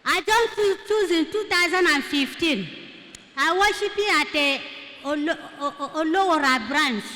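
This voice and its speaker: High, bright Nigerian woman testifying. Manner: storytelling, slipping into Pidgin phrases. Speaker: church member giving testimony. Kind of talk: testimony in church. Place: church hall. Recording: echoey church hall.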